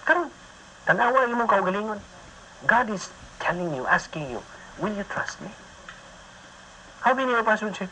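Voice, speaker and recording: A man's voice: high-pitched, very animated, moderate pace, long pauses, sharp tone, slight background noise, low-quality recording. A man with a Filipino accent teaching a Bible study as an emphatic sermon, mixing English and Visayan and asking his listeners questions.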